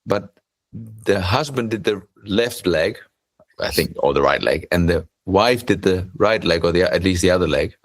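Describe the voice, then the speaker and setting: Co-host: man with a very deep voice, halting storyteller, dry close sound. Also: no echo. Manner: hesitant, with many restarts while telling a story. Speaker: podcast co-host. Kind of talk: storytelling in casual conversation.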